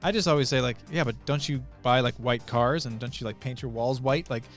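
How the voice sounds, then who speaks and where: A man co-hosting a casual live podcast, relaxed and a bit self-deprecating, hedging his opinions. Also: mid-range voice, brisk, faint music behind. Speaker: podcast co-host. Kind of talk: casual live-stream chat.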